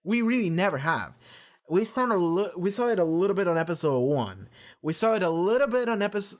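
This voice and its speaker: A man's voice: high voice, animated, a little fast. A man hosting a reaction video, chatting casually and rambling with frequent swearing and restarts. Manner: rambling, profane, lots of restarts. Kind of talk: casual rambling episode discussion.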